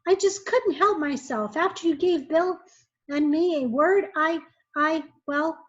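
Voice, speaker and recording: A woman reading aloud, voicing an excitable older woman who gushes and stammers. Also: high voice, a little slow, lo-fi sound, pitched above the performer's own voice. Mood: gushing.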